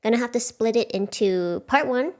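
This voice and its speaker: A woman's voice: a little high, normal speed. A woman chatting casually as the host of a livestreamed book club. She is chatty and bubbly, laughs often, and talks into a desk mic.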